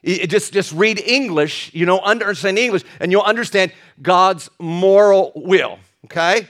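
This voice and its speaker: This older man preaches in a high, light voice. His sermon is folksy and full of jokes, and he trips over his words and restarts as he goes. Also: normal speed, fairly bright tone. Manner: folksy and joking, with many restarts and asides. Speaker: pastor.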